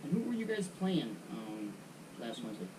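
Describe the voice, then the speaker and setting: A man's voice: mid-range voice, sing-song, normal speed, distant mic, noisy background. A man hosting a casual golf chat show, asking questions and telling a long joke. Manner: jokey, tells jokes. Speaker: host.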